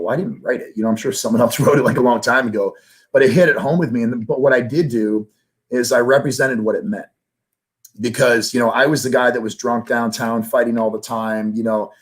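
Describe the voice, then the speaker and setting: A man's voice: medium pitch, rough recording. A middle-aged man, a sales trainer and life coach, speaking candidly and emotionally as an interview guest, his voice rising when he gets passionate. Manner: earnest and emotional, grows louder when passionate.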